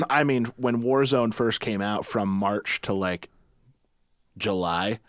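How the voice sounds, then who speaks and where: A man's voice: on the low side, takes it slowly, no echo, clean studio sound. A man talking casually as a podcast guest, easygoing and self-deprecating, often laughing between thoughts. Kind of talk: casual conversation.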